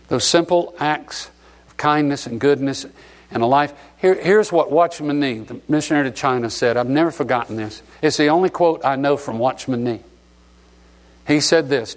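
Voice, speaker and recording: A middle-aged man from Alabama preaching a sermon, sentimental and emotional as he tells stories. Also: medium pitch. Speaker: pastor.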